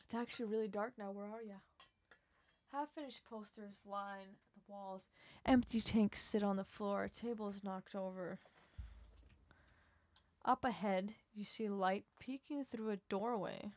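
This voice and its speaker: A woman's voice: medium pitch, fairly even intonation, unhurried, a little mellow, dry recording. A woman playing a story game, reading its narration expressively and breaking off for wry comments. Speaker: game streamer.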